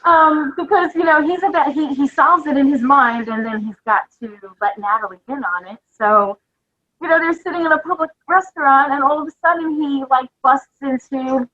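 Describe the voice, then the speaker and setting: A woman with a fairly high voice chats casually as a podcast host, eager and quick to laugh. Her audio sounds a little dull and lo-fi. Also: sharp tone. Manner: enthusiastic, laughs often, recounts scenes.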